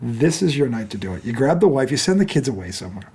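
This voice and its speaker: Raspy guy hosting a sports talk show, pitch jumping all over, swearing and gushing. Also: fast. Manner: excitable, swears freely, gushing storyteller. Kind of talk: casual podcast chat.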